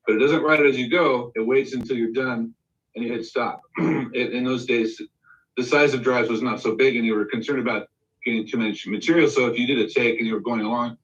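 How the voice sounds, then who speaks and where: A man's voice: mid-range voice, brisk, recorded from a distance, lo-fi sound. Man telling a studio story, a bit off-mic. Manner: animated anecdote with acted-out quotes. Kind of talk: casual storytelling on a live stream.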